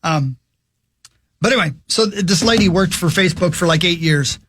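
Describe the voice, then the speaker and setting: A man's voice: sits high, normal speed, a bit bright, breathy edge, no echo. A man on a radio studio mic, telling a long rambling story in casual chat with his co-hosts. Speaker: radio show host.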